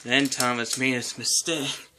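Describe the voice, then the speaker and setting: A man's voice: medium pitch, little pitch movement, unhurried, background noise. Man narrating a homemade engine story. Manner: amateur, reading plainly with slips.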